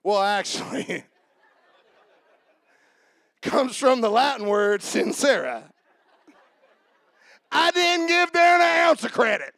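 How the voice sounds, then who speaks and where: A male pastor preaching a sermon, telling stories and repeating phrases for emphasis, moving from quiet asides to fervent shouting. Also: extremely high pitch, very animated, slow, vocal fry, long pauses, no echo.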